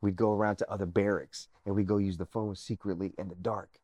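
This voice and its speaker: A man, an army veteran, telling his personal story as a guest in an interview, earnest and animated, sometimes dropping to a near-whisper. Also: sits low, brisk.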